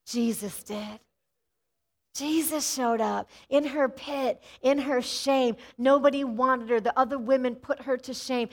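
A middle-aged woman pastor preaching an animated sermon and often calling out "amen". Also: high-pitched, a little slow.

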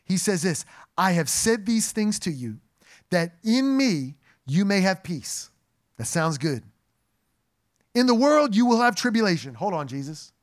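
A man preaching a sermon to a congregation, animated and joking as he speaks to them directly. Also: high voice, measured pace. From New Jersey. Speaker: pastor. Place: church sanctuary.

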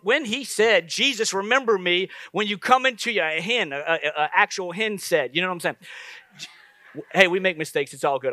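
A man preaching a sermon as pastor, lively and conversational, with asides to the congregation. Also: sits high, dry recording.

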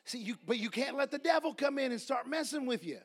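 A man preaching a sermon, telling folksy stories and building to repeated, shouted refrains. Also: extremely high pitch, animated, fast. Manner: folksy storytelling.

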